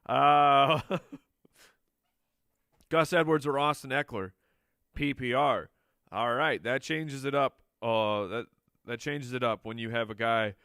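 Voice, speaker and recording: A man with a smooth, mid-range, slightly bright voice answers viewer questions as a fantasy football analyst on a live show. The Q&A is casual, and he keeps it playful and chatty, joking with the crew and laughing often. Studio-quality, dry recording.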